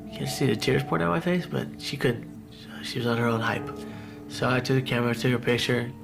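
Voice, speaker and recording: A man giving a personal testimony about surviving a suicide attempt, telling it in a halting, emotional way with many restarts. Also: medium pitch, fairly even intonation, vocal fry. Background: background music.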